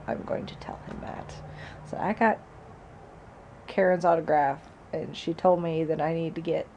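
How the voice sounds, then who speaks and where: A woman's voice: lowish voice, creaky, a little mellow, dull audio. A woman talks to her camera at home, rambling through her week with plenty of asides. She sounds worn out and a bit sick, and a faint hiss sits under her voice. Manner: rambling, chatty, with laughs and asides. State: sick and tired. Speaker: vlogger. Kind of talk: casual chat. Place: at home by a patio door.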